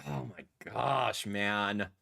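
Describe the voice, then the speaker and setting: A young man streaming a live reaction, ranting and exasperated, with sudden loud outbursts. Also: on the low side, drawn-out words, creaky. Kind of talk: casual livestream reaction.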